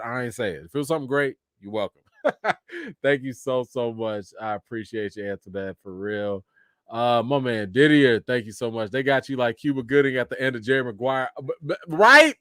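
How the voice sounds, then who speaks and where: Animated man thanking his live chat. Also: medium pitch, dry recording, clean studio sound. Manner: animated, laughs often, thanks viewers one by one. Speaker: livestream host. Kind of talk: casual live chat reading viewer comments.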